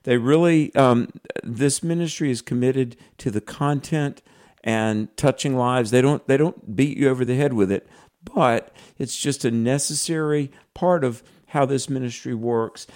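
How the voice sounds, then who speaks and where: A man's voice: medium pitch, moderate pace, darkish tone. A man with a Southern US accent co-hosting a radio fundraiser, telling stories in an earnest, folksy way. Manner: earnest, folksy storytelling with restarts. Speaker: radio co-host.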